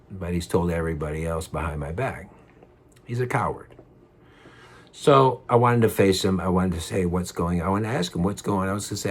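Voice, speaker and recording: A man telling a personal story in a heated, rambling way, repeating himself and swearing. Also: low-pitched.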